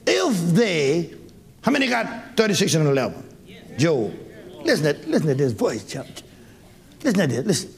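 A man preaching a sermon to his congregation, folksy and exuberant, breaking into shouts and laughter. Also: on the high side, sing-song, normal speed, long pauses. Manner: folksy, talks directly to congregation members. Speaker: pastor. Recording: live church with crowd audible.

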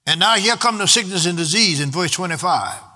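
A man delivers a sermon in a high, ringing voice. His cadence is rhythmic, sliding at times into half-song, and he slows down to stretch out important words. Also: lively intonation, sharp tone. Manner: rhythmic preaching, sometimes half-sung, stretched words for emphasis. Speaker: preacher.

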